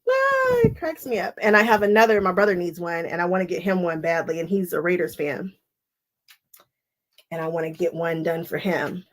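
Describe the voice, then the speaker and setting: A woman's voice: fairly low pitch, sing-song, normal speed. A woman hosting a quilting live stream, chatting casually and laughing often as she wanders off on tangents while cutting fabric at home. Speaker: quilting channel host. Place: home sewing space.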